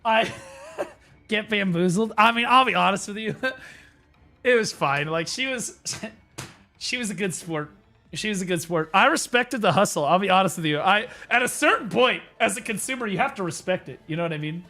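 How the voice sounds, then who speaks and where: Young streamer guy telling a story, bright voice jumping all over, faint music behind. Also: sits high, normal speed. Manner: animated, profane, full of fillers. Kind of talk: casual storytelling to viewers.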